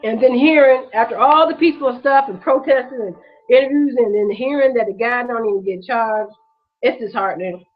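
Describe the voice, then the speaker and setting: Her voice is a little high and fairly quick, captured on a muffled recording. She hosts her own vlog and delivers a raw, emotional street-talk rant, swearing and repeating herself while holding back tears.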